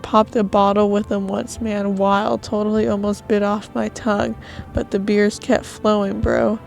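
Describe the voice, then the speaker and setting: A woman's voice: medium pitch, flat delivery, a little slow, creaky, darkish tone, soft background music. A woman reading a laid-back young male stoner's game dialogue aloud, with slangy, drawling surfer talk.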